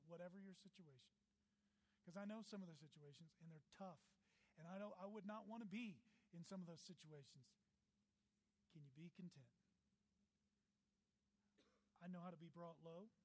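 A man preaching a sermon as pastor, animated, swinging between loud emphasis and quiet asides. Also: high voice, poor audio.

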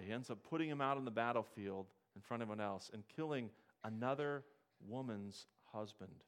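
A man preaching to his congregation in a church, his pitch sitting in a middle range. He retells scripture stories with lively energy, throws questions out to the room and briefly acts out the characters. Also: a little fast. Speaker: pastor. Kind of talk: sermon.

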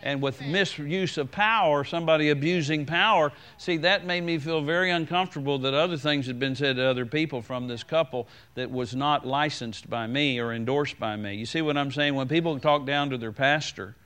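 A man preaching a sermon as pastor, talking conversationally to his congregation, repeating key phrases and slowing down to quote scripture. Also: a little high, fairly bright tone, clear, resonant tone.

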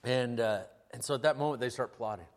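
A man preaching a sermon, telling the story in a casual, animated and humorous way. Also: medium pitch, brisk. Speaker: pastor. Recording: long hall reverb.

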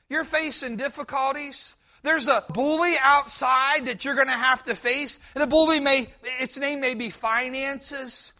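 A man's voice: very high-pitched, sharp tone. A man preaching a sermon, a pastor speaking with emphatic, building force and repeating his points.

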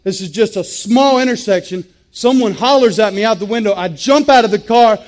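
A man speaks in a notably high register. He delivers a personal testimony in an intense, emphatic way. He often repeats a phrase to press the point home. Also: a little fast. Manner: intense, repetitive, emphatic storytelling.

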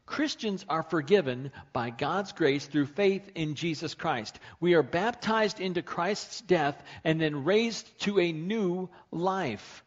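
A man's voice: a little high, lively intonation, slow, hardly any pauses, highs cut off. A man preaching a sermon in a conversational, emphatic way, often asking the congregation questions. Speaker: pastor.

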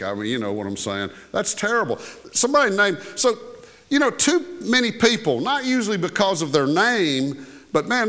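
A man's voice: a little high, a bit bright. An older male pastor delivers a sermon in a church. His delivery is folksy and conversational, full of asides and fillers. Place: church sanctuary.

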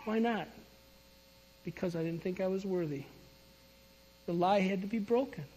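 Man preaching, husky voice, slightly high, animated storytelling, long hall reverb. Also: moderate pace. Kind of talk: sermon testimony.

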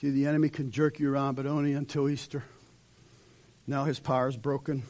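A man's voice: mid-range voice, level tone, a little fast, darkish tone. A male pastor preaching an impassioned sermon in a church, voicing dramatic quotes as he leads into an altar call. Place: church sanctuary.

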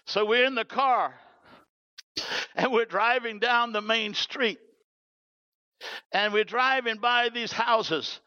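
A man from New Zealand with a New Zealand accent, preaching a sermon through animated storytelling. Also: very high voice, slow pace, long pauses, no echo, muffled recording. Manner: animated, storytelling with acted quotes.

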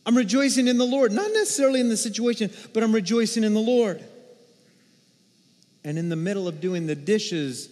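A man preaching a sermon as pastor, telling a personal story with animated swings between hushed and excited delivery. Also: high voice, brisk. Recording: reverberant hall.

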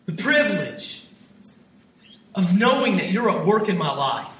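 A man's voice: sits high, sing-song, unhurried, fairly bright tone. An American man preaching a sermon, impassioned, acting out prayers and God's reply. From United States. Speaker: pastor. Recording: echoey hall, mic from a distance.

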